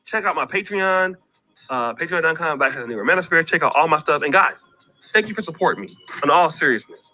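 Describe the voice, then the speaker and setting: A man's voice: on the high side, animated, quick pace, pushed and bright, faint music behind. A man hosting a commentary vlog, ranting in a preachy way, repeating himself and calling out people by name.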